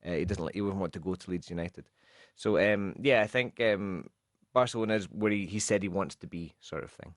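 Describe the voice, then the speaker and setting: A Scottish man with a lowish voice, co-hosting a radio show and teaching English phrases. He explains patiently with everyday examples and drops in the odd Spanish word. The sound is dry and close. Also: a little fast, no room sound.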